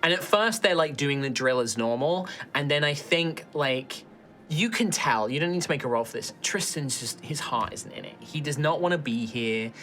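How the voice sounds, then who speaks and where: A male game master narrating in a chatty, loose way, full of fillers. His voice is bright and forward. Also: on the high side, expressive, normal speed.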